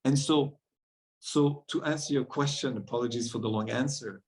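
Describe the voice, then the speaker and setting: A man talks in a middle register, earnest and reflective. He is a podcast guest who tells his stories warmly and breaks into easy laughter. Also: mid-range voice, a little fast, poor audio. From France. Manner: earnest, storytelling, laughs often. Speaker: guest, men's circle facilitator.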